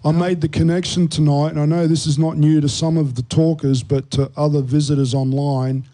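A man's voice: a little high, level tone, a little fast, mellow, low-quality recording. A man hosting a Christian talk show discussion, explaining in an earnest teaching tone.

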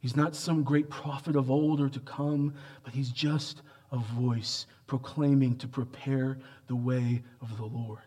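A man preaching a sermon, asking rhetorical questions and swinging between hushed, slow lines and loud, emphatic peaks. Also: mid-range voice, little pitch movement. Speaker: pastor.

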